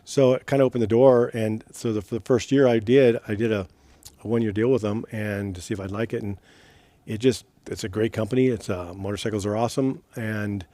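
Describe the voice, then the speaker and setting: A middle-aged man talks quickly as a guest in a casual interview, rambling and often restarting his sentences. His voice is dark and mellow, recorded close and dry. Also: fairly low pitch, fairly even intonation, dry recording. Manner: rambling, self-correcting. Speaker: guest, retired racer.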